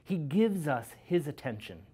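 Earnest youth pastor. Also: male voice, on the high side, big pitch swings, a little slow, warm tone, slightly rough. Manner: earnest, conversational, often adds "right?". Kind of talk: devotional sermon with scripture reading.

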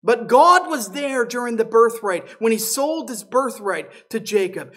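A man's voice: very high-pitched, lively intonation, measured pace, hardly any pauses, pushed and bright. A man preaching a sermon. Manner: expository preaching that retells the scripture story. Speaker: pastor.

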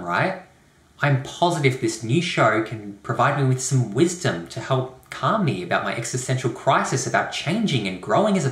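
A young man hosting a comedic rant video, talking with sarcastic, deadpan asides. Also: medium pitch. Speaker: YouTube host. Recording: roomy echo.

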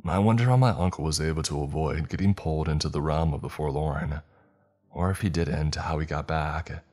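A man reading a horror story as scripted narration, in a measured, even storytelling manner. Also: very deep voice, soft background music.

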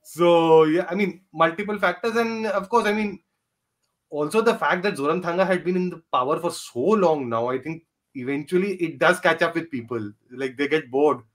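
A man's voice: a little high, normal speed. Man musing over politics, sarcastic. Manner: thoughtful, many fillers, dry sarcasm. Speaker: podcast panelist. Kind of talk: casual political discussion.

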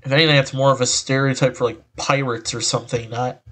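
A man's voice: mid-range voice, steady tone, quick pace, a bit bright. A man reading an article aloud and reacting with exasperated, rambling commentary through a voice changer, sighing often. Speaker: online commentator.

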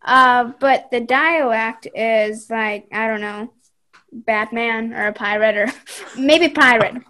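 A woman's voice: fairly high pitch, slow, pushed and bright. A woman co-hosting a chat, giving out acting prompts upbeat and laughing along. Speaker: co-host. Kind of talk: game-show style hosting.

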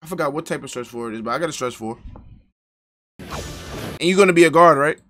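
Male live streamer, excitable and profane, bright edgy tone, soundtrack faint under him. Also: fairly high pitch, fairly quick, soft background music. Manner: excitable, profane banter with chat.

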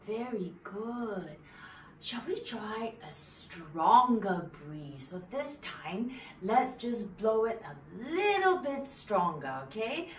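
A woman's voice: medium pitch, very animated, takes it slowly, slight background noise. A woman storyteller leading preschool children through a story, coaxing them to join in and counting out actions. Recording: roomy echo from a distance, soft music.

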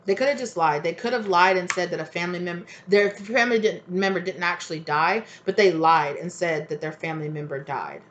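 Rambling, animated woman tarot reader. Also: lowish voice, brisk, few pauses, lo-fi sound. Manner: rambling, animated, swears freely, acts out quotes. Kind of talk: casual tarot reading monologue.

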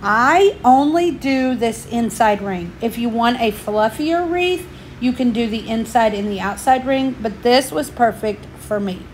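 A woman's voice: on the high side, animated, a little slow, slight background noise. A woman, slightly out of breath, chatting through a step-by-step craft tutorial for her channel. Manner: chatty, homey, explains each step.

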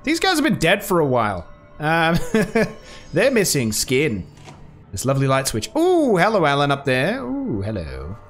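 Sweary guy streaming a game, bouncy lively voice, game music behind. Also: fairly high pitch, unhurried. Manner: excitable, sweary, jokey, talks to the game. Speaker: gaming streamer. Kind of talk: casual let's-play commentary.

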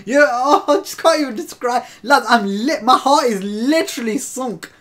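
A man's voice: extremely high pitch, lively intonation, moderate pace, hardly any pauses, fairly bright tone. A young man giving casual commentary while opening game packs, chatty and exasperated, laughing through his disappointment. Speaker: gaming video host.

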